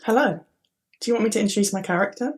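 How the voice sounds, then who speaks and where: A woman's voice: medium pitch, racing, breathy edge. A woman joining a tabletop game as a guest player, joking about herself in casual chat. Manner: playful, self-mocking.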